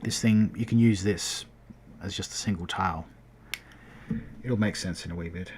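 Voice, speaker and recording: Man, very low voice, casual rambling tutorial, self-correcting, faint keyboard noise behind. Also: normal speed, darkish tone. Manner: rambling, self-correcting, talking while working. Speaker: game developer streamer.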